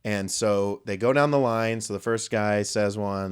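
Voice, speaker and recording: This podcast co-host, a young adult man, has a fairly low, clear, resonant voice and speaks a little slowly. He rambles through a long story in casual conversation, swearing freely and tossing in joking asides.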